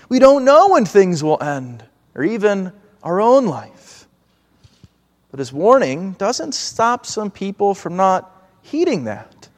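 A man preaching a sermon in an earnest, measured way, now and then acting out pleading voices. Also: extremely high pitch, in a large hall.

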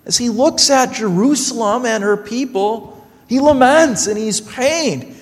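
Male pastor with a very high, unhurried delivery; earnest sermon storyteller. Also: in a large hall. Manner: earnest storytelling with quoted dialogue.

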